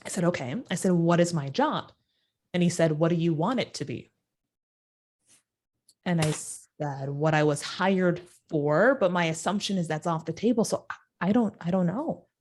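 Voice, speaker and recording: A woman guest in an interview telling a personal story, acting out the quoted voices with sudden jumps in pitch. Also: moderate pace, darkish tone.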